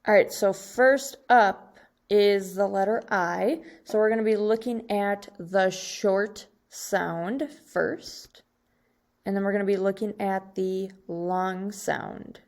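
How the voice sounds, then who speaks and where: A woman teacher giving a recorded slide lesson to second graders, speaking slowly and deliberately and drawing out each example word. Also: mid-range voice, fairly even intonation, a little mellow.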